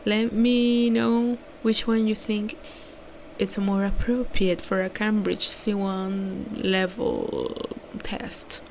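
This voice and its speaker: A woman's voice: mid-range voice, level tone, slow pace, vocal fry, a little mellow, slight background noise. A young woman whose first language is Spanish, chatting casually in a rambling vlog outro, correcting herself and sometimes dropping to a whisper. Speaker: vlogger.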